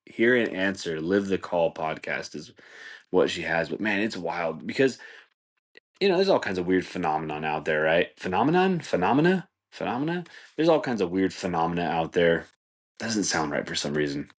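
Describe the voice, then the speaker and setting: Male podcast host, deep low voice, laid-back rambling comedic monologue. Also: sing-song, normal speed. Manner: rambling, laid-back, says "dude" and "like" a lot, laughs at his own jokes.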